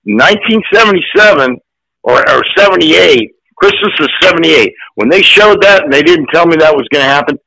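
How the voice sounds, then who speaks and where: Older man, sixties, gravelly, bright, profane storyteller, animated. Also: fairly high pitch, fairly quick, no echo, low-quality recording. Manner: profane, animated, acts out quotes. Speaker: actor guest. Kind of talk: casual storytelling.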